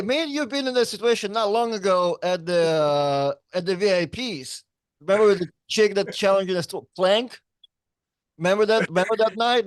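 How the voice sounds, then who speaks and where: A man co-hosting a podcast in relaxed, conversational chat. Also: sits high, no room sound. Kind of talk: casual chat.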